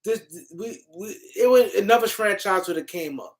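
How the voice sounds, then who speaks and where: A woman's voice: medium pitch, expressive, moderate pace. A woman hosting a live-stream sports show, ranting in a heated, argumentative way and repeating her points. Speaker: sports commentary host.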